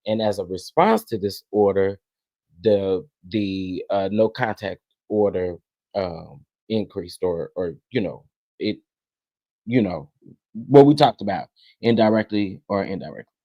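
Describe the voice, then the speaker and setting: A man hosting a casual live stream, greeting chat viewers one by one and sounding irritated, with halting restarts. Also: lowish voice, dark tone, no room sound, dull audio. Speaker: livestream host. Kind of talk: casual livestream commentary.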